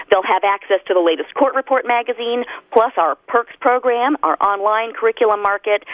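A woman answering as an interview guest, explaining services in a steady, listing way. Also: medium pitch, no room sound. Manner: explanatory, lists benefits steadily. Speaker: interview guest, education consultant. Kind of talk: scripted radio interview answer. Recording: tinny phone line.

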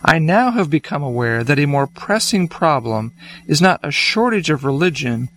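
A man co-hosting a religious discussion, explaining in a steady way. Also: on the high side, normal speed. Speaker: co-host.

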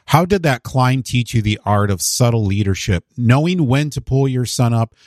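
A man hosting an interview, asking reflective, measured questions. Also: medium pitch, animated, darkish tone, no echo, studio quality. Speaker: podcast host.

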